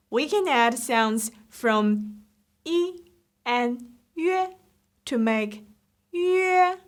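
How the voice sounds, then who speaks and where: A woman teaching Mandarin pronunciation, saying each syllable slowly and repeating it for the learner. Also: fairly high pitch. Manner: slow, drilled repetitions of syllables. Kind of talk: slow pronunciation lesson.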